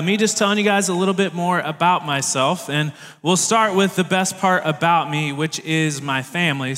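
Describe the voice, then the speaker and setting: A youth director from Tennessee in the US South preaches from a church sanctuary stage in a friendly, joking, playful manner. His voice is a little high and a bit bright, and the recording echoes like a reverberant church hall.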